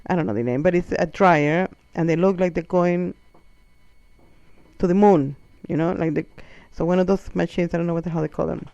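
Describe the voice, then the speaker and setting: A man's voice: on the high side, brisk, vocal fry, no room sound, muffled recording. A man whose first language is not English, telling profane comic stories and acting out the voices of people in them. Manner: animated, profane, acts out quoted voices. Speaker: comedian. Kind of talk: comic storytelling monologue.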